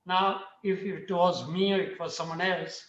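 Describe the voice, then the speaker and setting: A man's voice: sits high, fairly even intonation, moderate pace, a bit bright. A man on a discussion panel, telling a story earnestly and often repeating his phrases. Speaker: panel speaker. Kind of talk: storytelling talk. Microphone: video call. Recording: roomy, distant, dull video-call audio.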